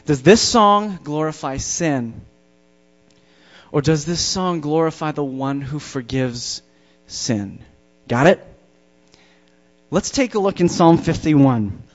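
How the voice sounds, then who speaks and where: A man preaching a sermon to a congregation in a church, emphatic and slowing down to stress key words. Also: a little high, expressive. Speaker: pastor. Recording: dull lo-fi sound.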